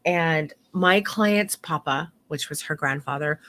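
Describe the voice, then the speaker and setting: A woman's voice: sits low, slow, fairly bright tone. A middle-aged woman photography instructor teaching an online course in a heartfelt, candid way, swearing now and then.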